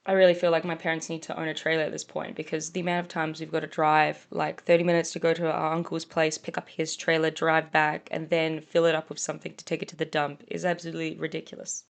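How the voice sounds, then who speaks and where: A woman's voice: deep voice, monotone, quick pace, vocal fry, few pauses. A young woman from Australia with a mixed English and Australian accent, narrating her own vlog in a chatty, rambling, self-deprecating way. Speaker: vlogger. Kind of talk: casual voice-over narration.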